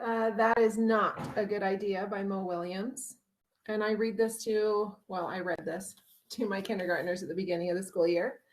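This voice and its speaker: Woman, kindergarten teacher, animated storyteller, mid-range voice, video call. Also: mid-range voice, slight background noise, rough recording. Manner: animated retelling with many "like"s. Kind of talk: casual sharing in a class discussion.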